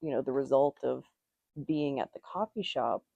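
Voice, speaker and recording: A woman's voice: extremely low pitch, moderate pace, gravelly, dark tone, dry recording, muffled recording. A woman giving a casual tarot reading in a musing, meandering way, her nose slightly stuffy. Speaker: tarot reader.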